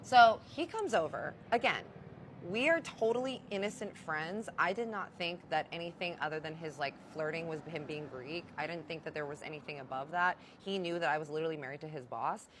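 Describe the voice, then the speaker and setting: A young woman recounts her own story in a low-pitched, confiding voice. She is blunt and swears casually, as if speaking straight to friends. A faint ambient hum sits under her voice. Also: brisk. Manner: candid, profane, confiding. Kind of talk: storytime vlog.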